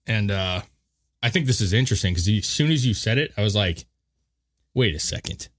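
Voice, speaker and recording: A man's voice: fairly low pitch, animated, a little fast. A man co-hosting a podcast in casual banter, joking and swearing freely. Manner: joking, profane, rambling. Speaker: podcast co-host.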